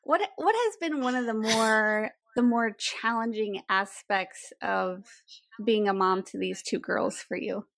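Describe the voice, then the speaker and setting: A woman hosting a podcast, asking questions in a relaxed, casual interview. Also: medium pitch, a little slow, vocal fry, no echo. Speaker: podcast host.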